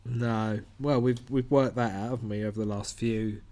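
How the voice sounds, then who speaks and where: A man's voice: medium pitch, steady tone, moderate pace, warm tone. A man co-hosting a podcast, telling a story in a chatty way and laughing along with his co-host. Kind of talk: casual chat.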